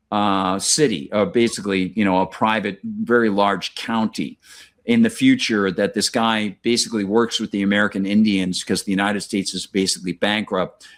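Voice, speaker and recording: A man hosting a casual podcast conversation, talking in long rambling stretches with many restarts and fillers. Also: fairly low pitch. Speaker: podcast host.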